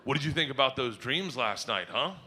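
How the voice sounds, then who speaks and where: A man voicing his twelve-year-old daughter in a slow, deadpan, deep voice. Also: a little hiss or hum.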